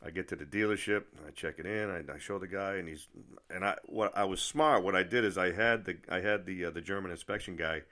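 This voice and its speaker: A man vlogger telling a story in a rambling, animated rant. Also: low voice, fairly quick. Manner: rambling, animated, many restarts and asides.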